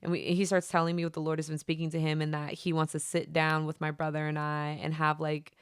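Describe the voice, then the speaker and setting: A young adult woman hosting a faith podcast, retelling events in a chatty, animated way full of fillers. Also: sits low, fast, smooth, dry recording, studio quality. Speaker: podcast host. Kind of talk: casual faith podcast storytelling.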